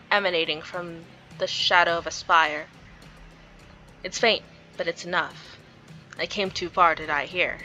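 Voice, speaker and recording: A woman's voice: lowish voice, bright, forceful tone. A woman reading a visual novel aloud, dramatizing the story and breaking off into giggly asides. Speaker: game streamer.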